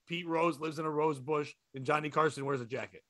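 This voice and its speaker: Over a noisy crowd, a man co-hosting a casual comedy chat on a podcast tells stories and acts out the people in them, animatedly voicing shouting customers. His voice is on the high side and brisk.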